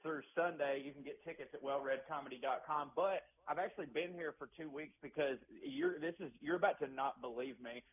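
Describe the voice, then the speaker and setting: A man's voice: a little high, big pitch swings, a little fast, creaky, hardly any pauses. A man with a Southern US accent, a stand-up comedian telling self-deprecating stories as a guest over the phone. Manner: joking, self-deprecating storyteller. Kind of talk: casual phone interview. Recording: muffled phone line.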